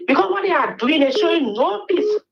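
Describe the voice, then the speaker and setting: A woman's voice: very high-pitched, sing-song, fairly quick, vocal fry, muffled recording, very noisy. A woman caller, speaking earnestly and pleading on a radio call-in. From Liberia.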